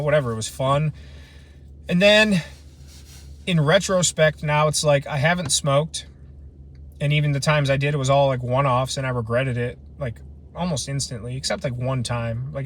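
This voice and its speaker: A man in his late twenties hosting a casual camping livestream, rambling and slangy while chatting with viewers outdoors at night. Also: mid-range voice. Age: late 20s. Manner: loose, rambling, slangy and self-deprecating. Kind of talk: casual live chat reading comments. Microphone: phone livestream.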